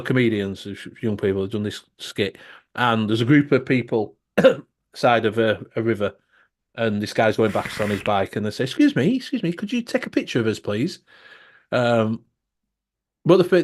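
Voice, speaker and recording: A man chatting casually on a livestream, telling stories animatedly, acting out quotes and swearing. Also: medium pitch. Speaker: co-host or guest on a live chat show. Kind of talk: casual chat.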